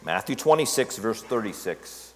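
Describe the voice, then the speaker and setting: A man preaching a sermon from the pulpit of a church, his voice sitting a little low. He talks conversationally and keeps checking in with the congregation. His words trail off into the long reverb of a large hall. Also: expressive, normal speed, a bit bright. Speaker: pastor.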